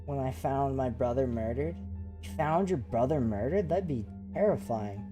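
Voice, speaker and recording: A man who hosts a paranormal investigation channel, telling ghost stories in a casual live chat with excited, rambling talk full of fillers. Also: mid-range voice, normal speed, over music. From Canada.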